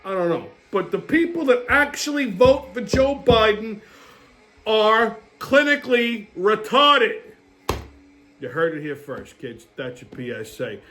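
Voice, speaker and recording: A man's voice: high voice, very animated, a little slow, pushed and bright. A man hosting his own show, telling a story as a profane, heated rant. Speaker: host. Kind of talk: casual ranting monologue.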